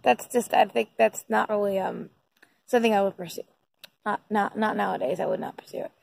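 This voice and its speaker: A woman's voice: medium pitch, fairly even intonation, brisk, creaky, a little mellow, no room sound, poor audio. A woman talking casually to her phone at night, rambling and giggling with lots of fillers. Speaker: vlogger. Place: indoors at night.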